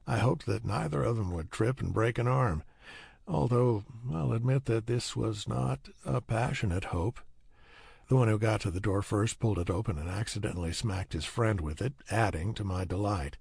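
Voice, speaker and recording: Male narrator, first-person audiobook, wry delivery. Deep-ish, husky texture, dry booth. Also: normal speed, a little mellow, no echo.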